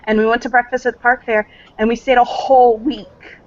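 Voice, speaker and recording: A sweet grown daughter close to tears, her voice lifted high and girlish, as a woman puts her on. She gushes in a bright, breathless, childlike rush. The recording is dull and lo-fi. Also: level tone, fairly quick, lightly acted. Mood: tender.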